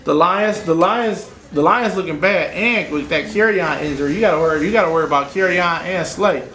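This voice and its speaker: A man hosting a podcast, a casual sports chat full of loud, joking trash talk. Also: high-pitched, brisk. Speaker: podcast host. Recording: echoey room with faint noise.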